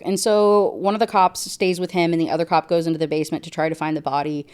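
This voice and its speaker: A woman's voice: sits low, little pitch movement, fast talker, hardly any pauses, darkish tone, clean tone. A woman ranting through a book review, sarcastic and exasperated.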